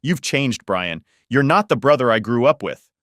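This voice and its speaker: A man's voice: mid-range voice, very animated, moderate pace, no echo, studio quality. Man reading as a desperate sister. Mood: furious. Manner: pleading, shaky then yelling. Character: desperate pleading younger sister, then furious.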